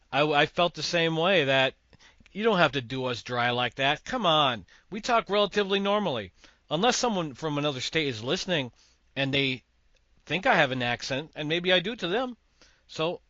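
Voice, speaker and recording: Bright-voiced opinionated podcast man. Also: a little high, animated, moderate pace, dry recording, muffled recording. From Massachusetts. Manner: opinionated, rambling with fillers. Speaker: podcast host. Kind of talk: casual movie chat.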